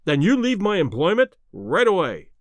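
A man's voice: high-pitched, wildly swooping pitch, normal speed, no echo. A man doing a stern commanding baronet. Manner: stern, demanding.

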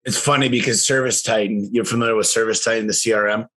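Male company owner, low-ish voice, enthusiastic storyteller, casual interview. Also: steady tone, fairly bright tone. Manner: enthusiastic storyteller, quick asides. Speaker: guest, garage door company owner.

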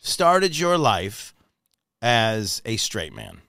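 A man hosting a casual chat, playful and quick to laugh. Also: on the low side, vocal fry, smooth, no echo, clean studio sound. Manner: animated, playful, laughs often. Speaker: podcast host.

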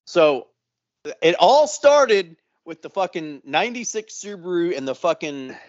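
A man's voice: high-pitched, a little slow, no echo, muffled recording. Foul-mouthed man telling a story. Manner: profane, animated storytelling. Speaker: podcast co-host. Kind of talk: casual storytelling chat.

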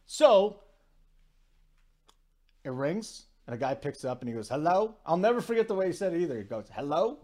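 A man in his forties hosting a sports talk show, telling stories in a rambling, animated way with lots of asides. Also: fairly high pitch, normal speed, pauses often. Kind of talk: casual sports talk monologue.

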